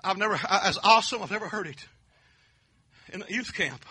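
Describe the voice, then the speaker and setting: A man preaching a fervent holiness sermon in folksy dialect, swinging from hushed asides to shouts. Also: sits high, expressive, a little fast, breathy edge.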